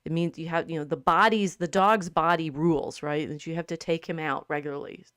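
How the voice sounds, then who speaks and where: A middle-aged woman chats on a livestream in a low-pitched voice, her sentences breaking off and restarting as grief pushes her close to tears. The sound is dry and close. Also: steady tone, fairly bright tone, smooth, no echo. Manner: halting, many restarts, tearful. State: grieving, near tears. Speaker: co-host. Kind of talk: casual livestream chat.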